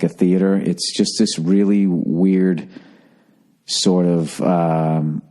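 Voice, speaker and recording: A man in his forties hosts his podcast from home, keeping his voice down while he rambles. His tone is low and mellow, with profane, sardonic asides throughout. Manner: profane, sardonic, talking quietly. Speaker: podcast host. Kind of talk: rambling casual monologue. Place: at home, indoors.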